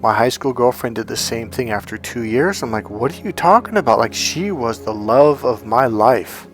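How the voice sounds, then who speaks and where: A dating coach tells a personal story in a medium-pitched male voice, with faint music underneath. He rambles in a conversational way, circling back and restarting his sentences. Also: steady tone, moderate pace.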